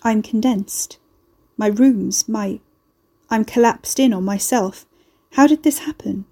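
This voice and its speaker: A woman voicing a bulky old house that has taken human form, speaking slowly, haltingly and apologetically. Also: mid-range voice, dark tone, slightly rough. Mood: confused.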